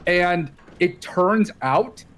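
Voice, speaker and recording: A man's voice: high-pitched, lively intonation, drawn-out words, a bit bright, a little hiss or hum. A man telling a gaming story to friends in voice chat, exasperated and swearing.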